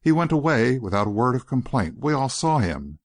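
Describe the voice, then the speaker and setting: A man reading an audiobook voices a nervous, guarded young woman who speaks quickly and anxiously. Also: medium pitch, sing-song.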